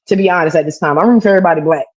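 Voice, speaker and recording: A woman's voice: fairly low pitch, rapid-fire, a little mellow. Profane, ranting woman on a lo-fi stream. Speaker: podcast co-host. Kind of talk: casual political chat. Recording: dull lo-fi stream audio.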